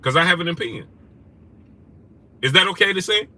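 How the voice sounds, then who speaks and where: A man's voice: high-pitched, animated, fairly quick. A man hosting a live stream, greeting viewers and firing back at comments in a combative way. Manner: combative, rising to loud indignant questions; greets chat viewers by name. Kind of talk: livestream chat reading comments.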